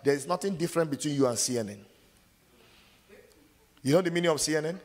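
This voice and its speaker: A man preaching a sermon as pastor, asking the congregation to finish verses and acting out scenes with loud shouts. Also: fairly high pitch, fast talker. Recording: long hall reverb.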